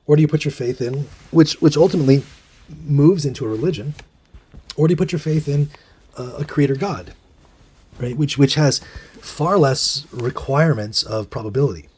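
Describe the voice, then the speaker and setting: A man's voice: fairly high pitch, normal speed, darkish tone, breathy edge. A man hosting a casual monologue, musing with many fillers and restarts and reading out bits of articles. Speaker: host.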